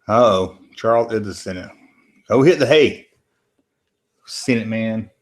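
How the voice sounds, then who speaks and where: Hosting a late-night movie watch-along stream from a room at home, a laid-back man rambles through casual live commentary while reading chat. He speaks at an unhurried pace in a fairly low voice.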